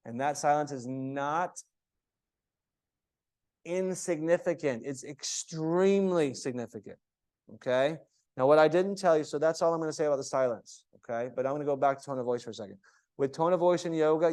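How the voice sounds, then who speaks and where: A man teaching a yoga teacher training, lecturing with lively, varied delivery and cueing poses in a sing-song way. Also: a little high, normal speed, clear, resonant tone. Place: yoga studio.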